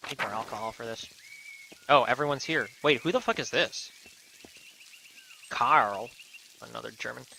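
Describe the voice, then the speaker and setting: A man's voice: mid-range voice, normal speed, creaky, long pauses, bright, forceful tone, slight background noise, rough recording. A man streaming a story game, making casual, wry, sweary asides. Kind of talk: let's-play commentary.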